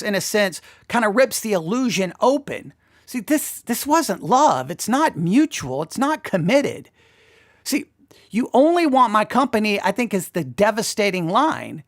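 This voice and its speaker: A woman hosting a podcast, talking through song lyrics in an animated way and slipping into voices to act them out. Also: medium pitch. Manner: animated, slips into acting out the voices. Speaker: podcast host.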